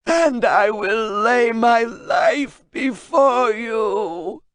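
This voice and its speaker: A man voicing a terrified male translator with a raspy voice, pleading and strained with fear. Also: very high-pitched, takes it slowly, dry recording, clean studio sound, pitched above the performer's own voice, full character voice. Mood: desperate.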